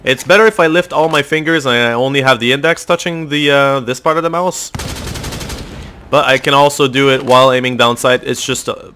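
A man with a bright, forceful voice talks through his shooter matches in a loose, chatty way, swearing freely and breaking down his tricks. A faint hiss of noise sits under his desk mic. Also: mid-range voice, brisk. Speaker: gamer and video host. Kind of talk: casual gameplay commentary.

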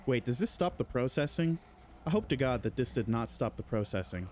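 A man's voice: medium pitch, lively intonation, fairly quick, darkish tone, slight background noise. A male gaming host giving let's-play commentary, panicky and jittery, talking to the enemies on screen as he plays. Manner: jittery, panicky running reactions.

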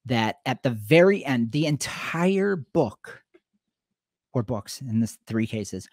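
A middle-aged man co-hosting a podcast, talking casually and retelling conversations in an animated way. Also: mid-range voice, slow, no room sound, clean studio sound. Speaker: podcast co-host.

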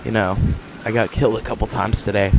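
A man giving joking commentary over his own gameplay, mostly deadpan and mock-serious, with sudden excited outbursts. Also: lowish voice, quick pace, gravelly, heavy background noise. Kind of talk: joking live game commentary. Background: game gunfire and explosions.

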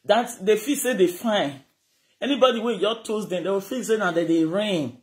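A casual, scolding rant to camera comes from a speaker with a Nigerian accent who is animated and shifts between Pidgin and Yoruba. Their voice is mid-range and their speed normal.

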